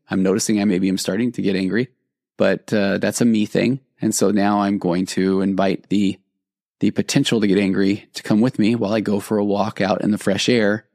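Low gravelly male podcast therapist. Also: darkish tone, dry recording, studio quality. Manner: earnest, conversational, with frequent restarts. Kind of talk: reflective podcast monologue reading listener stories.

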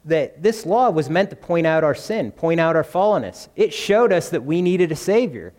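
Male preacher, fairly high voice, chatty sermon style, long church-hall echo. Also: lively intonation, moderate pace, a little mellow. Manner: conversational, asks the congregation questions.

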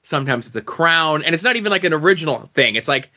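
A man's voice: a little high, animated, fast, sharp tone, dull audio. A man co-hosting a wrestling podcast in casual chat, hesitant and full of fillers and restarts. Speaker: podcast co-host.

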